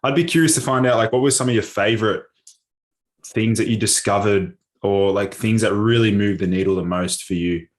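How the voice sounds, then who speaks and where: Host: man, lowish voice, casual hesitant questioning, lots of ums. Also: a little fast. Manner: hesitant, many "um" and "like". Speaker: podcast host.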